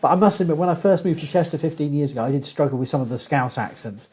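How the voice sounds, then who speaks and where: Husky-voiced Southern English man. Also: on the high side, fast, darkish tone, poor audio. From southern England. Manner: chatty anecdotal storytelling with frequent laughs. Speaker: guest archaeologist. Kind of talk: casual podcast conversation.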